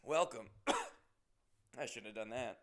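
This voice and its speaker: A man hosts his podcast with a smooth, resonant voice. He talks to his listeners in a playful, rambling, self-mocking way, joking along as he goes. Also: mid-range voice, unhurried. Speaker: podcast host. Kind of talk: casual comedic monologue.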